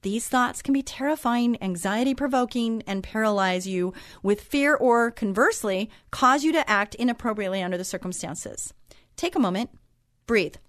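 A woman's voice: a little high, normal speed, dry recording, clean studio sound. A woman hosting a Christian talk show, talking in a chatty, encouraging way and drifting into personal stories. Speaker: host.

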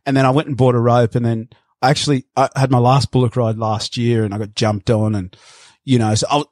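A man's voice: mid-range voice, level tone, brisk, darkish tone, no echo, studio quality. A man, a podcast guest telling rambling stories with laughs. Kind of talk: casual interview chat.

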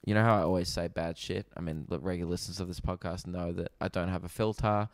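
Young australian man, comedian hosting a podcast, rambling animated stories, lowish voice, dry close sound. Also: quick pace, no echo. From Victoria, Australia. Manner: rambling, animated storytelling with swearing. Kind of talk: casual storytelling chat. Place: rented holiday apartment.

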